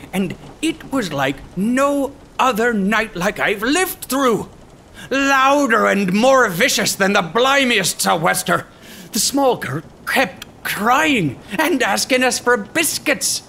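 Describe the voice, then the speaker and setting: Slow, lively comic pirate storyteller man. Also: high-pitched, a little hiss or hum. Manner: gruff pirate grammar, dry comic timing. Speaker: narrator. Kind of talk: first-person storytelling as a pirate.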